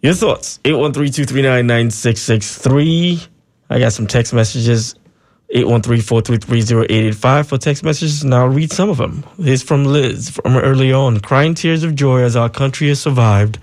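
A man hosting a call-in radio show, reading out listener texts and taking calls, relaxed and loose with frequent ums. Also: medium pitch, normal speed. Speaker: radio talk show host.

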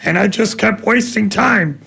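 A man from Tampa telling an animated story as a radio host in a studio. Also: high-pitched, a little slow, vocal fry, slightly rough. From Tampa, Florida. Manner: animated storyteller acting out the voices.

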